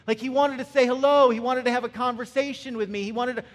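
A man's voice: extremely high pitch, steady tone, fast. Man preaching in a reverberant hall. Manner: conversational, frequent "right?" asides. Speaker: pastor. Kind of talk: sermon.

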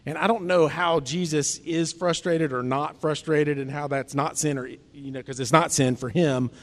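A man's voice: a little high, fairly even intonation, moderate pace. A man preaching a conversational sermon, acting out the lines he quotes with feeling. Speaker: pastor. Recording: long hall reverb.

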